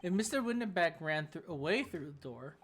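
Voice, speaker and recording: A man's voice: fairly high pitch, lively intonation, brisk, a little hiss or hum. A man streamer reading courtroom dialogue from a game earnestly, stumbling and restarting now and then. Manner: reads courtroom lines earnestly with small slips and restarts. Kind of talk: let's-play dialogue reading.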